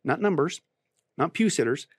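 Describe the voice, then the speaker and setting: A man, a pastor, speaking emphatically as a guest on a talk show and rising to forceful peaks as he preaches his point. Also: a little high, expressive, moderate pace, no echo, studio quality. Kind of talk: preaching on a podcast interview.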